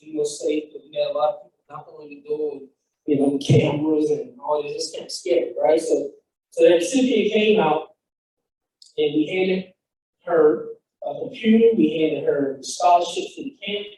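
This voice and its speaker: Fired up guy telling his story on stage, mellow voice, big echoey hall, kinda far from the mic. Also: fairly high pitch, expressive, moderate pace. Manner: fired up, storytelling with quoted dialogue. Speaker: founder and speaker. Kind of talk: motivational talk.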